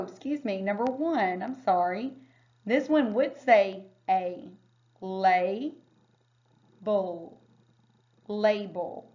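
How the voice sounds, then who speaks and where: A woman teacher leading a phonics lesson, sounding out words slowly and carefully. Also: mid-range voice, darkish tone. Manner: slow, careful word-by-word sounding out. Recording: dull lo-fi recording.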